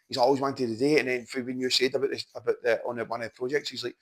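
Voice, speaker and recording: A Scottish man, a mindset coach, telling stories in casual podcast chat, animated and swearing freely. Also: mid-range voice, racing, hardly any pauses. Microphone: podcast microphone.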